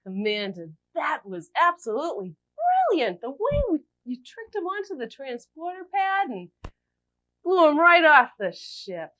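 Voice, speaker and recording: A woman's voice: high voice, big pitch swings, measured pace, a bit bright, full character voice, low-quality recording. A woman playing a hesitant young starship officer. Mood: gushing. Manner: hesitant, then gushing with praise.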